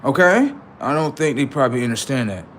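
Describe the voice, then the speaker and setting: A man's voice: mid-range voice, expressive, brisk, fairly bright tone, a little hiss or hum. A man on a live stream, chatting casually and swearing, then lecturing his viewers insistently about number codes.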